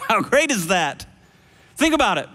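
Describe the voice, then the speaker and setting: A man preaching a sermon, animated and playful with shifting voices. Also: high-pitched, moderate pace, slight background noise. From United States. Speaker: pastor. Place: large church hall. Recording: long hall reverb.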